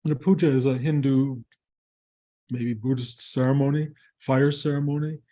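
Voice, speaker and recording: A man's voice: medium pitch, fairly even intonation, normal speed, dark tone. A man, a spiritual teacher, telling a story to his community in a reflective, conversational way with wry, self-mocking humor.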